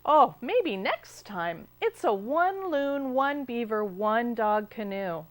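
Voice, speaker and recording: A woman's voice: on the high side, very animated, slow. A woman doing a fed-up storybook paddler counting passengers. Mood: exasperated. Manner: counting off each animal in a sing-song list. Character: firm young canoe paddler, patient but fed up.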